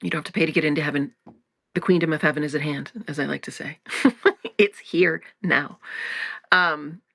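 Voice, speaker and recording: A woman's voice: low voice, steady tone, normal speed, vocal fry, a bit bright, no echo, studio quality. A woman hosting a spiritual talk in a casual, frank way, swearing freely, laughing often and restarting her sentences. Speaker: spiritual teacher and podcast host.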